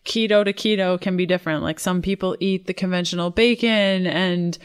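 Bubbly female podcast host, smooth voice. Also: on the low side, steady tone. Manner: bubbly, quick to agree and laugh. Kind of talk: casual podcast interview.

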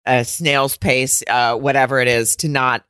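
Bright-voiced, frank woman co-host. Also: very deep voice, fairly even intonation, a little slow, smooth, dry recording, studio quality. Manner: candid, frank, swears freely, laughs often. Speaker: podcast co-host. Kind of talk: casual chat.

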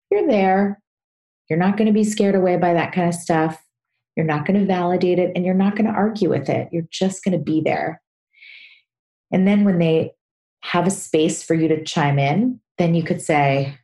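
A woman's voice: on the low side, mellow, reverberant. A woman hosting a parenting podcast. She talks through listener questions one by one in an earnest, explaining way and acts out short examples as she goes. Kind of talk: solo advice talk.

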